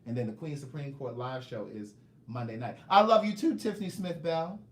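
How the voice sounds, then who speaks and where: A man's voice: mid-range voice, lively intonation, brisk, reverberant. A man hosting a casual livestream, reading viewer comments and playfully calling viewers "niece". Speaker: livestream host and author selling his books.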